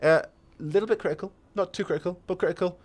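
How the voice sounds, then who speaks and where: A man's voice: sits high, very fast. A man, a game streamer chatting casually with his viewers, rambling and enthusiastic with many fillers and restarts. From England.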